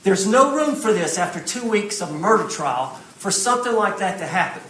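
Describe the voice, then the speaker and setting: A man, a defense attorney, arguing a motion in court with measured, hesitant pleading. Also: high voice, sharp tone, slight background noise. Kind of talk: courtroom argument. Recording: echoey courtroom feed, mic far off.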